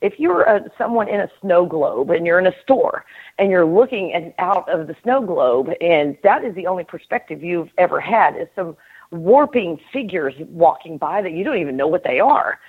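A middle-aged woman hosting a casual spiritual conversation, earnest and animated, laughing often and acting out inner voices. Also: on the low side, moderate pace, breathy edge. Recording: tinny phone-line call audio.

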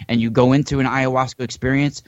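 A man in a casual spiritual talk gives measured, cautionary advice, halting now and then with fillers. His mid-pitched voice comes through muffled and dry, with no room sound. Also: flat delivery, dry recording. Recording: dull, dry, muffled audio.

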